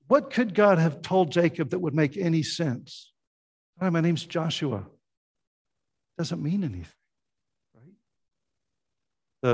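A man's voice: on the high side, darkish tone. A man preaching a sermon as pastor, earnest and conversational, often restarting his phrases.

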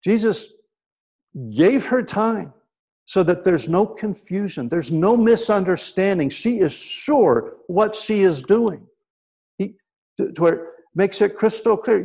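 This preacher's high voice is gravelly with a breathy edge, expressive, and he takes his time. He relates scripture stories conversationally, keeps asking "right?", and goes hushed at quiet moments.

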